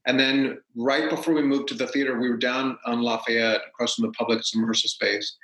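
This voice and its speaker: Animated man telling stories in a roomy space. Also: mid-range voice, brisk. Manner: animated, acts out quotes. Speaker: guest, stage actor. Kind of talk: casual storytelling. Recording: roomy echo.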